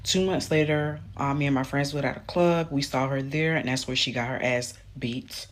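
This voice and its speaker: A woman's voice: rumbling low, fairly even intonation, normal speed. A young woman telling a personal story in a casual, matter-of-fact way, with frequent ums. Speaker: storyteller in a clip.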